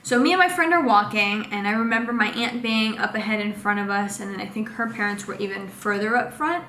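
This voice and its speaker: Bright-voiced young woman telling a story. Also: medium pitch, brisk. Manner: animated, acts out quotes with lots of fillers. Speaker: vlogger. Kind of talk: casual storytelling. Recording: echoey room with faint noise.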